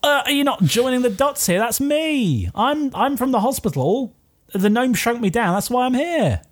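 A man's voice: very high voice, expressive, moderate pace, voice pushed up. A man voicing a flustered, chatty male surgeon shrunk inside a body, rambling and apologetic.

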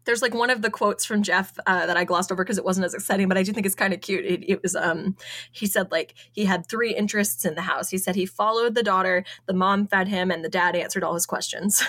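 A woman's voice: mid-range voice, fairly even intonation, fairly quick, a bit bright. A woman co-hosting a podcast, chatting casually while presenting her research notes, often laughing and spelling out names.

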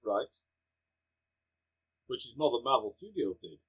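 A man co-hosts a casual podcast and drops wry, mock-old-fashioned phrases into the banter. His voice is bright and forceful with a raspy edge. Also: mid-range voice, expressive, a little slow, low-quality recording. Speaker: podcast co-host.

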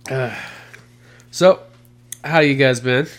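A man's voice: medium pitch, slow pace. A man in an ordinary middle register hosts a laid-back podcast. He jokes, swears freely and banters loosely with his co-hosts. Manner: loose, profane, laughing banter. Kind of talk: casual chat.

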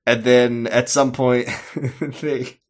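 A man's voice: medium pitch, level tone, takes it slowly. A man co-hosting a podcast, recapping a TV episode in a casual, rambling and jokey way. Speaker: podcast co-host.

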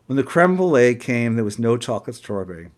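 A man narrates his own memoir in a dry, sarcastic tone. His voice sits at an ordinary middle pitch and pace, with a plain, unforced delivery. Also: sing-song, fairly quick. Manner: wry, sarcastic. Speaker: narrator reading a personal memoir. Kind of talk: first-person storytelling.

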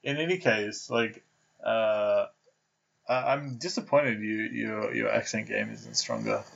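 This young man has a gravelly, creaky voice at an ordinary pitch. He co-hosts a casual chat and talks hesitantly, piling up fillers and restarts. The sound is dull and lo-fi. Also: very animated, slow, a bit bright. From Australia. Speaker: podcast co-host.

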